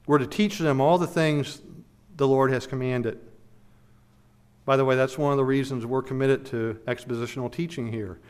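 A man's voice: medium pitch, fairly even intonation, moderate pace, a little mellow, smooth. Earnest male pastor preaching emphatically. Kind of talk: expository sermon and closing prayer.

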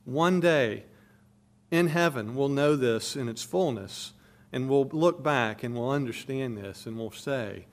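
A man's voice: mid-range voice, measured pace. A man preaching a sermon, expounding a passage with emphatic stress, his volume rising and falling.

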